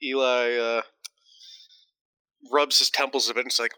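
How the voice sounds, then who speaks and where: A man's voice: medium pitch, flat delivery, moderate pace, pushed and bright, clear, resonant tone, poor audio. A man taking part as a player in a casual tabletop game, joking around.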